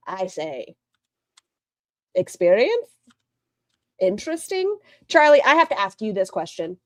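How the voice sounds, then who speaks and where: A woman streamer talks in a blunt, mocking way and swears freely. Her pitch jumps around a lot. The sound is close and dry, with no room around it. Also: no echo. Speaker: streamer reacting to another stream. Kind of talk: casual commentary.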